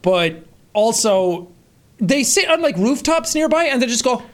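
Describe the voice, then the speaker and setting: A man's voice: very high voice, very animated, a little slow. A young man co-hosting a podcast in casual chat, joking and laughing a lot. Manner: laughing, jokey, slips into silly voices. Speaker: podcast co-host.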